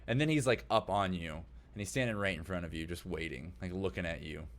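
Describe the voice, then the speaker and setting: A man's voice: low-pitched, fairly even intonation, fairly quick, a bit bright. A man narrating as game master of a tabletop game, describing scenes loosely with many fillers.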